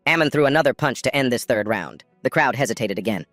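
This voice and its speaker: A man narrating a manhwa recap in a steady, scripted storytelling manner. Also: lowish voice, fast, few pauses, dry recording. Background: faint music.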